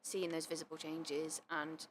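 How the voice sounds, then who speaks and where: A woman's voice: sits low, completely flat delivery, unhurried, a little hiss or hum. A woman hosting a podcast, asking questions and answering her guest supportively. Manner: gentle, affirming, frequent "yeah". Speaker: podcast host. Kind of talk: interview questions and supportive responses.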